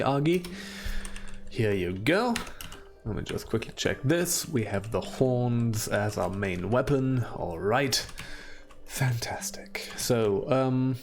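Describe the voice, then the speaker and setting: A man's voice: mid-range voice, a little hiss or hum. A man hosting a let's play, thinking aloud in a casual, unsure way and muttering to himself.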